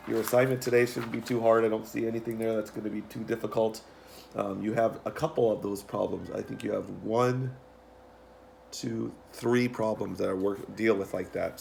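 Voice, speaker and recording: Gravelly-voiced male teacher. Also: lowish voice, slight background noise. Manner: patient, repeats himself, many ums and restarts. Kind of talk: recorded classroom instructions for students.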